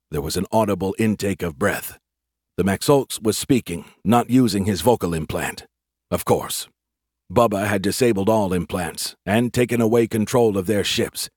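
Low-voiced male audiobook narrator. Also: moderate pace, darkish tone, husky, dry recording, studio quality. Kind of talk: scripted narration.

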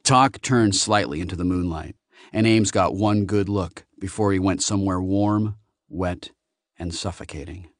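A male audiobook narrator with a fairly low voice, reading in a steady, even storytelling manner. The recording is close and dry with no room sound at all. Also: moderate pace, no room sound. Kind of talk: scripted narration.

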